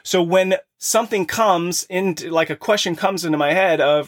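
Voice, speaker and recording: A man's voice: high voice, moderate pace. A man in his thirties or forties hosting a podcast for fathers, giving an earnest motivational talk from his home office and speaking straight to the listeners. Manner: earnest, addresses listeners directly. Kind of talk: motivational monologue.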